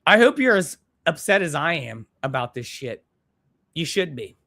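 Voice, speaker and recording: A man's voice: a little high, big pitch swings, normal speed, gravelly, pushed and bright. A man hosting a live stream, ranting bluntly and profanely while reading viewer comments in a rambling way.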